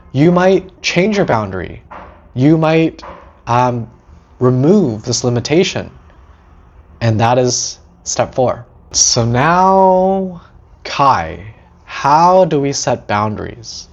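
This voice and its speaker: A man hosting a teaching talk about setting boundaries, animated, acting out short quoted lines and often asking "right?". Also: on the high side, highs cut off. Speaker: host.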